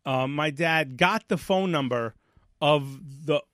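Animated New man telling a story. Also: a little high, takes it slowly, no echo. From New York. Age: 40s. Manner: animated, acts out voices in his story, repeats himself. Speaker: podcast host. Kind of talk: casual storytelling chat.

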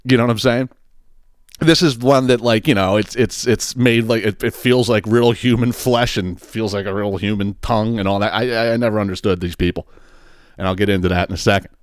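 A man with a low voice talks casually on his podcast and tells a profane, meandering story. He laughs a lot and acts out the scenes as he goes. The sound is dry, with no room echo. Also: fairly even intonation, brisk. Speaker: podcast host.

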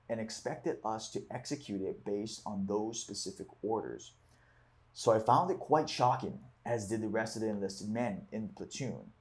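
Man, lowish voice, reads aloud and reflects casually, group discussion leader. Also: darkish tone. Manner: reads passages aloud, then reflects with fillers. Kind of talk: book club discussion.

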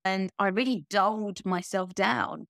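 A woman in her thirties appears as a coaching guest on a casual podcast, talking candidly and energetically and laughing easily. Her medium-pitched, creaky voice is a little slow, recorded with studio quality and no room sound.

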